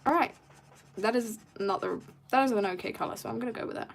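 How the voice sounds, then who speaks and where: A woman's voice: a little high, fast talker, vocal fry. A woman chatting casually and rambling in jokes while she draws on stream. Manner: rambling and jokey, drifts into soft mutters. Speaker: artist streamer. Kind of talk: casual chat while drawing.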